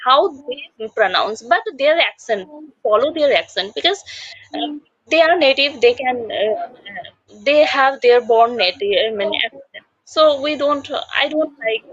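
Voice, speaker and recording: High-voiced woman host, hesitant. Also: a bit bright, dry recording, dull audio. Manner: hesitant, hums and fillers while searching for words. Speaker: host of an English-learning channel. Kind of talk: casual conversation about learning English.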